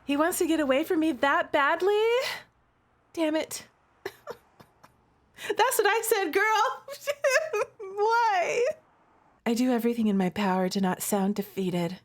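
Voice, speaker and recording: A woman streamer reads a romance game slowly and lingers over the lines. Her fairly high voice swings up and down as she breaks off into playful, dramatic overreactions. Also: sing-song. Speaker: gaming streamer. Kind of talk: reading game text aloud with playful commentary.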